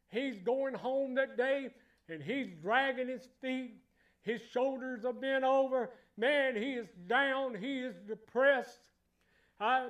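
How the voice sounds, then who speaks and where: A man preaching a sermon in church, emphatic and repetitive, building to loud exclamations. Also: very high-pitched, dull audio.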